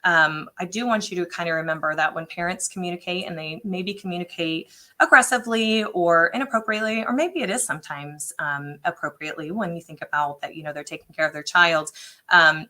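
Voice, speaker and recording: Bright, animated storytelling woman. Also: fairly low pitch, fairly quick. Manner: animated storyteller, acts out quotes. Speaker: tech integration specialist. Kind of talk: casual panel chat.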